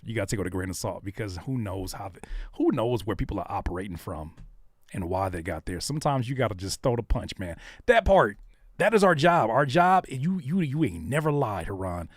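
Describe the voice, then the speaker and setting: Animated man hosting a live stream. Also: medium pitch, no room sound, studio quality. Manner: animated and slangy, repeats phrases for emphasis; acts out other people's remarks in shifting voices. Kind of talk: live-stream commentary, casual chat.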